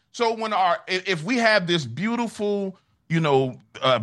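A male pastor talks as a guest on a talk show, fiery and emphatic like he is in the pulpit. His pitch swings a lot and sits a little high. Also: a bit bright. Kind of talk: preaching commentary.

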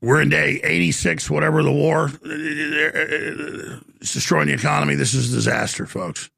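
A man hosting a call-in talk radio show, raspy and gravelly, talking in an animated, emphatic way. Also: on the high side, moderate pace, dry recording, clean studio sound.

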